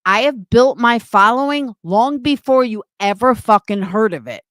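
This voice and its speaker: A woman's voice: on the high side, lively intonation, normal speed, fairly bright tone, no echo. A woman streamer delivering an angry, profane, confrontational rant on a livestream.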